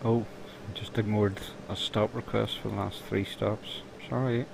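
A man's voice: lowish voice, level tone, measured pace, gravelly. A middle-aged man live-streaming a bus-driving game, chatting and teasing his guests as he drives. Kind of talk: casual live-stream chat. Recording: loud background noise.

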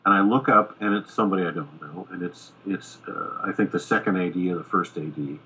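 A middle-aged American screenwriter telling a lively anecdote in a podcast interview, acting out the quoted dialogue. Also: male voice, sits low, fairly quick, husky, low-quality recording. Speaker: screenwriter guest. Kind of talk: casual storytelling in a podcast interview.

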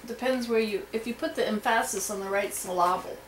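A woman's voice: mid-range voice, a little fast. A mother chatting casually with her family while she bakes at home and explains each step. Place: home kitchen. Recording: echoey room, voice from a distance, faint background hum.

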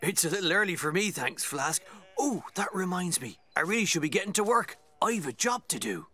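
Sniffly cartoon rooster. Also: male voice, high-pitched, lively intonation, a little fast, pushed and bright, heavily acted. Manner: cheery, homely, calls Henry "lad". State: sniffly and sore-throated. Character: friendly old male rooster with a cold.

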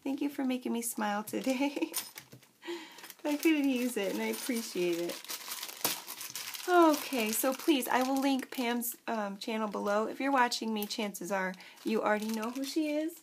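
A woman vlogger chatting casually as she unboxes craft supplies, gushing and excitable. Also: fairly high pitch, a little slow, noisy background.

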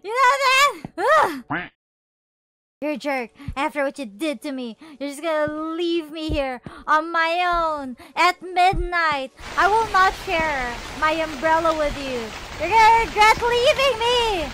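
A woman's voice: extremely high pitch, lively intonation, measured pace, pushed and bright. A woman streaming a horror game, jumpy and swearing, shrieking and whimpering as she plays. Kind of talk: live horror gameplay commentary.

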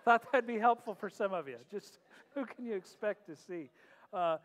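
A man's voice: high voice, normal speed. A middle-aged man, a pastor hosting a worship night in a church, talking in a chatty, joking way with frequent laughs, then leading a prayer. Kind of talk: casual humorous talk and prayer. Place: church sanctuary. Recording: long hall reverb, faint music.

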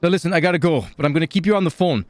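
A man's voice: a little high, very fast, a little mellow, no room sound, natural voice. A man playing a stoned, hyper male gambler and self-styled entrepreneur who rambles and repeats catchphrases in a game role-play. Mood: rambling. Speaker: role-player.

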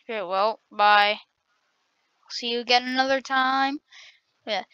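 A woman giving excitable, trash-talking commentary while playing a game on her channel. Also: a little high, measured pace, clear, resonant tone, no echo. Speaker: gaming channel host. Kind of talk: gameplay commentary. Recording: dull lo-fi recording.

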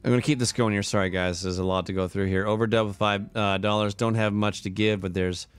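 A male livestreamer, cheerful despite being tired, goes through his subscribers one by one with lots of chatter and laughter. His voice sits on the low side with fairly even intonation, a quick pace, and a clean tone, over faint background music.

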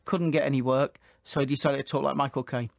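A man's voice: mid-range voice, fairly even intonation, fast, vocal fry, no echo, clean studio sound. A man on a sports radio show, chatty and full of anecdotes. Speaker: radio pundit. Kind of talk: casual radio banter.

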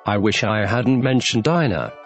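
A man voicing a curious, polite young girl in a storybook reading, gently wondering aloud to herself. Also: lowish voice, lively intonation, moderate pace, faint music behind. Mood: melancholy.

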